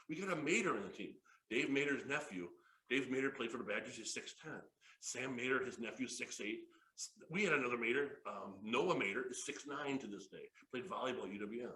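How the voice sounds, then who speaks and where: A man in his fifties presenting a sales workshop, an excitable, jokey storyteller who laughs often. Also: medium pitch, brisk. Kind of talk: lively workshop talk with stories. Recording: echoey room.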